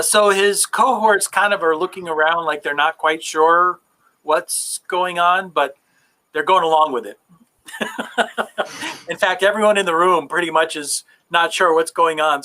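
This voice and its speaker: Bright-voiced male game master. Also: a little high, a little slow, poor audio. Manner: relaxed, filler-heavy narration. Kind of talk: narrating a tabletop game.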